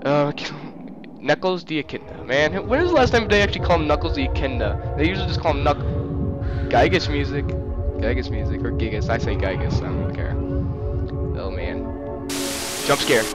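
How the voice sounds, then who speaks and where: A man giving crude, jokey commentary on a horror game, reacting loudly to the scares. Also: fairly high pitch, very animated, a little fast, dull audio. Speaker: gameplay commentator. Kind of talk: let's play commentary. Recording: game music playing under the voice. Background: game music.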